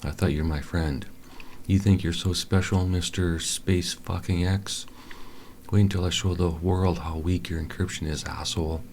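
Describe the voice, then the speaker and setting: A man acting out an angry male hacker who curses and yells at his computer screen. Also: sits low, fairly even intonation, normal speed, slight background noise. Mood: furious. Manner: cursing, yelling at a screen.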